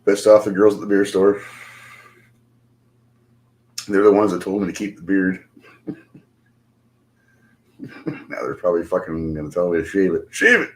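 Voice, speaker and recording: Speaking low at a moderate pace with long pauses, a middle-aged livestream host rambles casually to his audience, peppering his animated stories with constant swearing and laughter.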